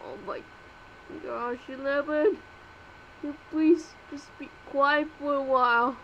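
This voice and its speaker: A woman's voice: sits high, fairly even intonation, slow, dull audio, a little hiss or hum. A woman voicing all the characters of a homemade fan cartoon, with frantic yelps and exclamations.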